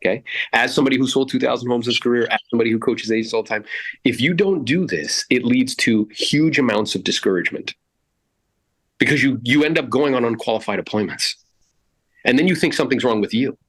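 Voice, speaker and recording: Blunt, animated male sales coach. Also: medium pitch, quick pace, husky. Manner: blunt, profane, animated, acts out both sides of calls. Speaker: real estate coach and podcast host. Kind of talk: coaching talk with acted-out sales scripts.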